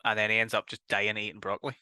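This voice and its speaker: A Northern Irish man with a lowish but very bright, sharp voice, recorded dry and close. He recaps plots in a relaxed podcast chat and drops casual swears. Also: rapid-fire, smooth, dry recording. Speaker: podcast co-host.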